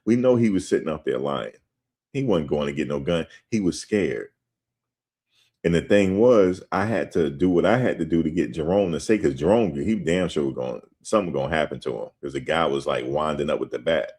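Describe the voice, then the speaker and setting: A man hosting his show, telling a story in a casual, animated way and speaking straight to his listeners. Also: very deep voice, brisk, husky. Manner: animated, conversational, addresses listeners directly as "guys". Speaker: show host. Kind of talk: casual spoken storytelling and commentary.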